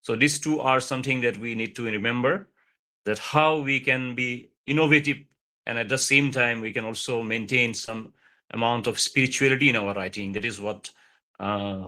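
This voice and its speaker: A man lecturing over a video call, explaining slowly with many fillers and repeated points. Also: medium pitch, fairly even intonation, bright, forceful tone.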